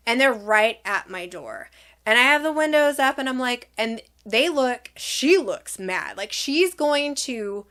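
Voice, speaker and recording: A middle-aged woman telling a personal story in a casual storytime vlog, animated and acting out both sides of an argument. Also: a little high. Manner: animated, acts out both sides of the argument in quick reported dialogue.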